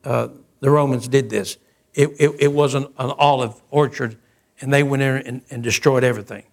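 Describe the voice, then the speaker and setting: A man's voice: steady tone, moderate pace, vocal fry. A man preaching a sermon, acting out the dialogue of the story with swings in his voice. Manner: storytelling preacher who acts out the dialogue with a lot of pitch swings. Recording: faint music behind.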